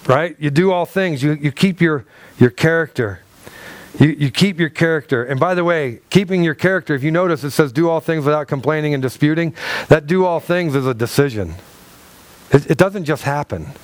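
A man's voice: on the high side, dry recording. A male pastor preaching a conversational sermon to his church, with asides, rhetorical questions and laughter. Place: church hall.

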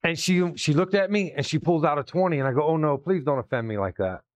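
A man's voice: on the high side, animated, brisk, darkish tone, no echo. A man preaching, telling a story in a conversational way and acting out the quotes. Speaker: pastor. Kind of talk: sermon story.

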